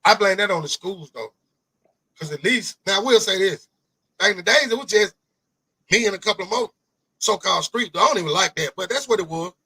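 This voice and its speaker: A man hosting a podcast interview, talking in an animated, rambling way, swearing often and repeating himself. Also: sits high, a little fast, long pauses, husky, dry recording, rough recording. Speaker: podcast host. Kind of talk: casual interview chat.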